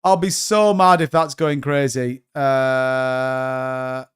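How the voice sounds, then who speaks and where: A man's voice: mid-range voice, fairly even intonation, very slow, a bit bright, clean tone. A man hosting a casual crypto live stream, rambling and thinking aloud with exasperation while he browses charts. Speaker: crypto livestream host.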